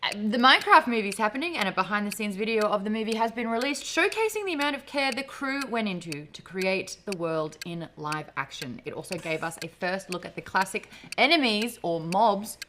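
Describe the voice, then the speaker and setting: A woman co-hosting a podcast, reading a quick roundup of news headlines in a playful, cheeky way. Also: mid-range voice, animated, a bit bright, slight background noise.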